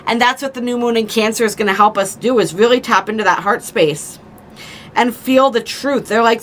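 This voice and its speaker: A woman's voice: fairly high pitch, slight background noise. Chatty woman giving a spiritual reading. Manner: gentle, chatty, laughs easily, slows to stress points. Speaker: spiritual reader and channel host. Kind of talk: casual spiritual reading monologue.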